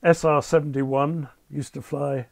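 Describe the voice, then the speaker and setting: A retired Concorde captain from the United Kingdom, an older man, shares wry, understated anecdotes as an interview guest in polite British phrasing. His voice is fairly high and creaky, with a flat delivery and measured pace.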